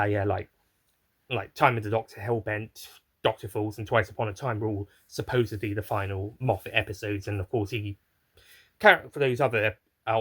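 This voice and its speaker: A man's voice: lowish voice, a bit bright. A man giving a casual spoken review, rambling and digressive with many fillers and restarts. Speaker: video reviewer.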